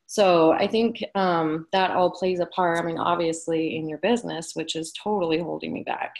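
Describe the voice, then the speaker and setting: A woman on a group coaching call, speaking frankly and self-critically, a little halting. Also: fairly low pitch, steady tone, vocal fry. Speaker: caller sharing in a coaching session. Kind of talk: candid personal sharing.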